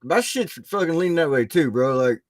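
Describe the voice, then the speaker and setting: A man's voice: fairly high pitch, animated, a little fast, over a noisy crowd. A man hosting a livestream who chats in a laid-back, slangy way, swearing freely and backing up his guest. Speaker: livestream host. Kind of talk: casual chat.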